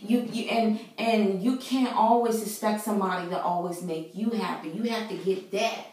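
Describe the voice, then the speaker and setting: A woman's voice: mid-range voice, fairly even intonation, normal speed, darkish tone, distant mic. A woman vlogger giving an earnest, preachy faith talk to her viewers, casual and full of fillers. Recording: very echoey room, voice away from mic.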